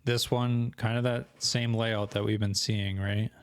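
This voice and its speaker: A young man who co-hosts an online selling channel walks through a screen-share tutorial, thinking aloud casually and correcting his own slips. His low voice has little pitch movement, runs a little slow, and is going a bit hoarse as he loses it. The recording is dry and close-miked.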